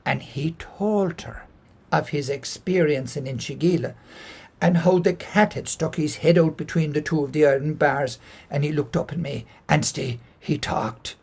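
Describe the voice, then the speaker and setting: A man's voice: on the high side, normal speed, creaky, a little mellow, husky. A man with an Irish accent telling a folk tale in a homely, conversational way with asides to the listeners. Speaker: storyteller. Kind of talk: oral folk storytelling.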